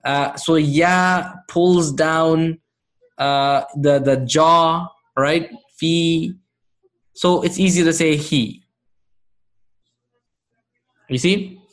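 A man's voice: a little high, steady tone, extremely slow, long pauses, a bit bright. A man teaching Arabic grammar to a live class, patient, often checking whether students follow.

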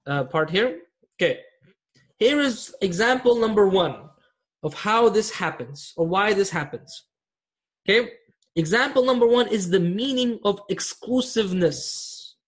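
A man with a high voice teaches an online grammar class. He speaks patiently, repeats key terms and often checks that his students follow.

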